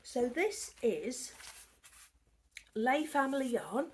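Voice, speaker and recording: A woman's voice: medium pitch, animated, normal speed, darkish tone, slight background noise. A woman hosting a knitting podcast from her living room at home, in a chatty, rambling show-and-tell that often drops to a near whisper. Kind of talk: casual show-and-tell chat.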